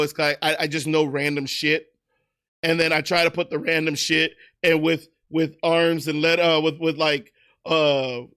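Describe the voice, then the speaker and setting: A slightly high, sharp-toned man from the United States chats casually on a livestream as a streamer. He's loose and profane, laughing at himself while answering viewers.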